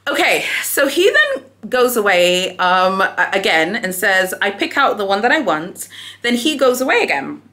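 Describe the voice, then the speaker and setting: A young adult woman telling a shopping story in a casual vlog, chatty and animated, calling viewers "honey", recorded in a hotel room without an external mic. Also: mid-range voice, normal speed. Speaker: luxury shopping vlogger.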